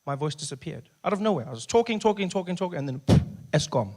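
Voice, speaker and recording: Man doing stand-up, kinda high voice, goes hushed then loud, faint noise behind. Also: fast talker. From South Africa. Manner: animated, shifting between a hushed soft voice and loud bursts. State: recovering from voice loss. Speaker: stand-up comedian. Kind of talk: stand-up comedy.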